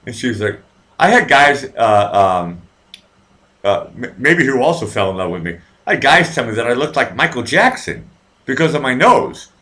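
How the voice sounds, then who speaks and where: Profane, lively man rambling. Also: mid-range voice, moderate pace. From Boston, USA. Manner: profane, rambling storyteller with many fillers and restarts. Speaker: livestream host reading viewer comments. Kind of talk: casual live-stream chat.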